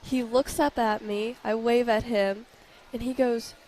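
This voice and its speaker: A young woman with a West Virginia accent, a youth fair princess telling lively stories as an interview guest. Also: measured pace, slight background noise, poor audio. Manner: animated storyteller, acts out quotes with raised pitch.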